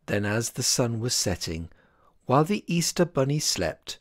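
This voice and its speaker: An author reading a rhyming picture book aloud in an expressive, sing-song rhythm. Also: medium pitch, moderate pace, no room sound, clean studio sound.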